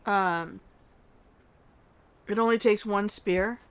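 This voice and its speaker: A woman's voice: mid-range voice, slow, clean tone. An older woman giving chatty, playful live-stream commentary while playing a game, joking at her own expense and talking to her viewers. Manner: playful, chatty, self-mocking trash talk; talks to chat and the game character.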